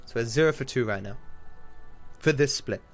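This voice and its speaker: An Australian man commentating his own live speedrun, excitable and self-mocking, with frequent swearing. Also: medium pitch, moderate pace, soft background music. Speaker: streamer.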